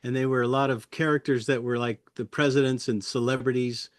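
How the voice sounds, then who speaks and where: A man's voice: medium pitch, flat delivery, no room sound. Dry-sounding man, chuckling puppeteer. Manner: friendly, chuckling, halting with fillers. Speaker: guest puppeteer. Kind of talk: interview reminiscing.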